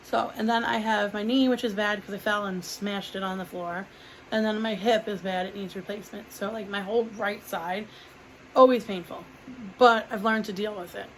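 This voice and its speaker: A woman's voice: medium pitch, fairly even intonation, moderate pace, a little hiss or hum, rough recording. A woman vlogger telling a long personal story in a casual, rambling way, filling her talk with "like" and acting out what others said. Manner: rambling, heavy use of "like", acts out quoted dialogue. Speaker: vlogger reviewing a product.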